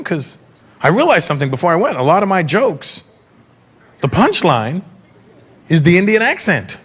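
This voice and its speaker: Animated male stand-up comic. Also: sits high, fairly quick. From North America. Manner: conversational, animated storytelling with asides. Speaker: stand-up comedian. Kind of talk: stand-up comedy routine. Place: theater stage before a live audience. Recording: live recording with loud crowd and room noise.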